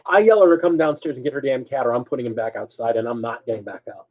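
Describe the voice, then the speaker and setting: A man co-hosting a live show, telling a story in a casual, animated way. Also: medium pitch, very fast, phone-quality sound. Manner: animated, swings between mutters and loud bursts. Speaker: co-host.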